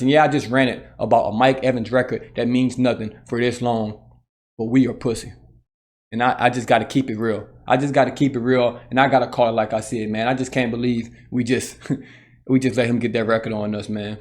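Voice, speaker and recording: A man rants on his own about his team, heated and full of swearing. His voice sits at an ordinary middle pitch, and he keeps hammering the same points. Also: steady tone, fairly quick, a little mellow. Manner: heated, profane, repetitive ranting. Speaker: sports channel host. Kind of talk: solo fan rant.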